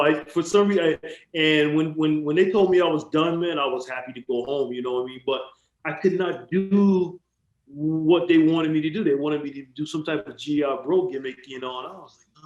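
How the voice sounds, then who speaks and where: Laid-back man in a roomy, dull recording. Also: a little high. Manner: laid-back, swears casually, laughs a lot. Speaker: podcast host. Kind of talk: casual interview chat. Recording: roomy, slightly dull sound.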